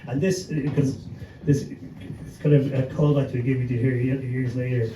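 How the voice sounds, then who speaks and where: An Irish man tells a story to a panel audience, swearing freely and chuckling as he goes. He sounds far from the mic in an echoey pub room, with a steady hum of background noise. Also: mid-range voice, normal speed. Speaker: panelist, gig promoter. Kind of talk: anecdotal storytelling on a live panel. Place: pub venue with a live audience.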